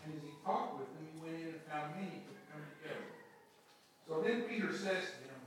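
A man's voice: a little high, a little fast, fairly bright tone. A man preaching a sermon in a folksy storytelling way, acting out the dialogue of the people in his story. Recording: echoey room from far off with noise.

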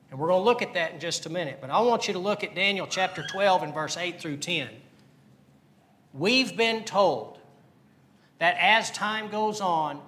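A man delivering a sermon in a high, ringing voice. He speaks with earnest conviction, repeats his points and puts questions to the congregation. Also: bright, forceful tone. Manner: earnest preaching with rhetorical questions and repetition. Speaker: pastor.

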